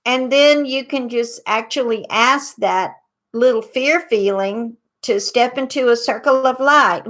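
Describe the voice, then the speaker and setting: A woman hosts a psychic advice show, leading a guided tapping exercise. Her voice sits a little high, and her pace is slow and unhurried. She talks gently and asks the listener to repeat after her. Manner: slow, soothing guided instructions.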